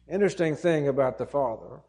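A man's voice: medium pitch, expressive, a little fast, warm tone. A man preaching a sermon, retelling a parable in an earnest, emphatic storytelling manner.

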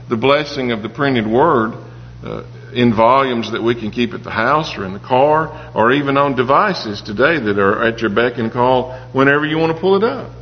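A fairly high-voiced man preaches with earnest, personal storytelling. His voice carries a long reverb, as if from a large hall. The sound is a little dull, with a faint hum underneath. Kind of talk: sermon.

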